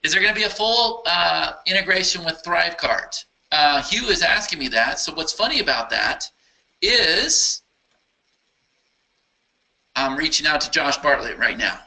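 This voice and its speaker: Bright, upbeat man hosting a live Q&A. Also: fairly high pitch, sing-song, a little slow, creaky, poor audio. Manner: enthusiastic, rambling, thinks aloud while clicking around. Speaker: software company founder answering user questions. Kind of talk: casual live Q&A with screen demo.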